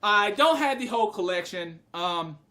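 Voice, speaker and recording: Animated, excitable man telling stories. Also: normal speed. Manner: animated storytelling, bursts into loud high yelling; frequent swearing and laughter. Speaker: anime reviewer. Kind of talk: casual video review.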